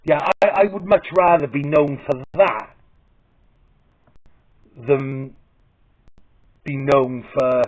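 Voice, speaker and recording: A man's voice: medium pitch, takes it slowly, pauses often. A man ranting profanely and aggressively to camera in a crude satirical comedy vlog. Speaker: comedy vlogger. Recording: tinny phone-like audio.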